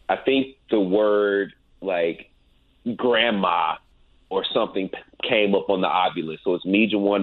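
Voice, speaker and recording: A laid-back man recounts a story as a guest, peppering his talk with "man." His voice sits fairly low and comes through a tinny, phone-like line with no room sound around it. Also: dry recording. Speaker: guest, paranormal investigator. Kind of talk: casual storytelling interview.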